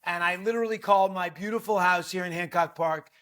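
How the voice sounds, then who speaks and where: A middle-aged man, an actor guest, telling a lively, playful anecdote on a podcast. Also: high voice, fast. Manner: lively storyteller, playful, self-deprecating.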